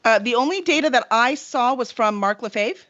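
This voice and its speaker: In dull-sounding audio, a woman who publishes and hosts a show chats casually on a live stream, going on at length with run-on thoughts and many fillers. Her voice is fairly high and fairly bright, with lively intonation and a slightly fast pace.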